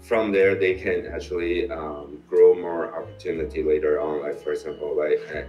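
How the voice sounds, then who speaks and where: A man from Taiwan, a guest in a casual interview, talking in a halting way full of fillers and restarts. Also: extremely low pitch, flat delivery, highs cut off, soft background music. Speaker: interview guest, crypto YouTuber. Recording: roomy echo, mic set far off.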